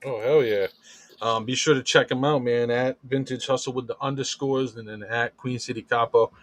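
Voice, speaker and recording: A man's voice: medium pitch, steady tone, moderate pace, no echo. A man hosting a podcast in casual, loose chat, swearing freely and leaning on fillers. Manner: loose, profane, filler-heavy talk. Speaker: podcast host.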